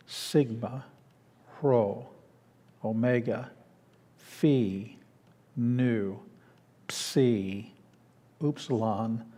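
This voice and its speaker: A man with a mellow, warm voice lectures a beginners' Greek class in a church classroom. He explains patiently, often restarting his sentences and filling pauses as he goes. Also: mid-range voice. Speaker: Greek teacher.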